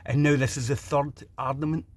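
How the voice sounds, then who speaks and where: A man's voice: mid-range voice, steady tone, brisk. A middle-aged Scottish man delivering a blunt, ranting opinion monologue, stumbling over repeated restarts. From Scotland. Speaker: vlogger.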